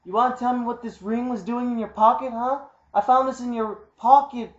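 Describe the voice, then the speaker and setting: A man's voice: extremely high pitch, fairly even intonation, a little fast, pitched above the performer's own voice. A man putting on a suspicious, accusing wife. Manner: accusing, demanding. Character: suspicious wife confronting her husband. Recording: roomy, muffled lo-fi recording.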